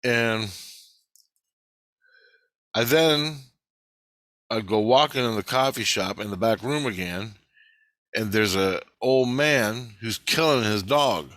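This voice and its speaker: A man's voice: fairly low pitch, slow, pauses often, fairly bright tone, dry recording. Blunt, profane man telling a story. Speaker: vlogger recounting a dream. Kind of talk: casual rambling storytelling.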